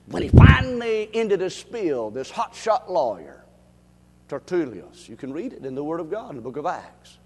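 A preacher with a high, lively voice that swings widely in pitch, calling on the congregation to answer him. His shouts ring out into the long reverb of a big hall. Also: moderate pace, husky. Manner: call-and-response, bursts into shouting. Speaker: preacher teaching Bible study. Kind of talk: animated sermon.

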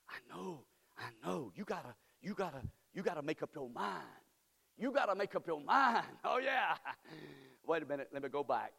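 A man preaching a sermon as pastor, moving from quiet storytelling to shouted, impassioned praise. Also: a little high, creaky. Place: church sanctuary. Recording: church hall with long reverb.

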